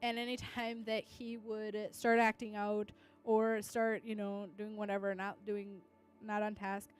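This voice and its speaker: In an unhurried, level, smooth mid-range voice, with faint music behind her, a young teacher tells a church audience about her students. Her testimony is chatty, packed with "like," and sprinkled with Spanish.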